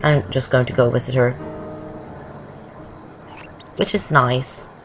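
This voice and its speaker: A rumbling, low female voice with fairly even intonation narrates a video game walkthrough slowly, in a relaxed, rambling Let's Play style that often drifts off topic. The recording is poor, and game music runs underneath.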